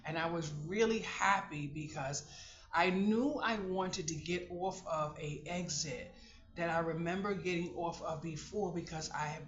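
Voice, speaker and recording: A woman vlogger tells a personal story in a casual, animated way, exclaiming and laughing as she goes. Her voice is bright and forceful. The recording sounds roomy and a little dull. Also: sits low.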